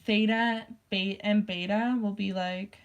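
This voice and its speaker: A woman's voice: medium pitch, fairly even intonation, slow pace, smooth, muffled recording. Rambling young woman. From United States. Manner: rambling, filler-heavy, lots of "like", casual swearing. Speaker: vlogger. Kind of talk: casual rant.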